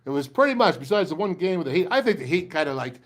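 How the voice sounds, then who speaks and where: A man's voice: on the high side, sing-song, fast, fairly bright tone. Fired-up older man hosting sports talk. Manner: fiery, rambling, pep-talk delivery. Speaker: sports talk show host.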